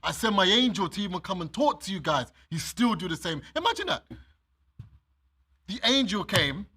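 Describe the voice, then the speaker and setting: A man's voice: high-pitched, animated, a little fast, sharp tone, breathy edge. A man preaching a sermon. He reads scripture aloud, explains it, and speaks straight to his listeners with everyday examples. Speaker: minister.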